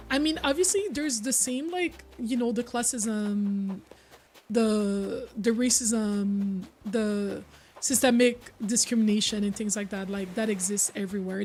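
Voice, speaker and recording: Chatty woman streamer. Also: a little high. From Quebec, Canada. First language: French. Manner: chatty, answers viewers' chat as she talks. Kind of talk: casual live-stream chat. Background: soft background music.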